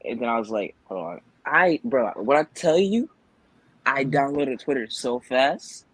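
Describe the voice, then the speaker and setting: A man co-hosting a podcast, telling a story in a low-key way in casual chat. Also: expressive, unhurried, fairly bright tone, slightly rough, no room sound, rough recording. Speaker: podcast co-host.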